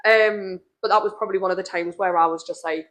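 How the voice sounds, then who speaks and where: A woman's voice: mid-range voice, steady tone, fast, fairly bright tone. A woman with a mid-range voice co-hosts a casual podcast. She tells her side of things candidly, with the odd swear word. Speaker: podcast co-host, salon owner. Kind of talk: casual chat.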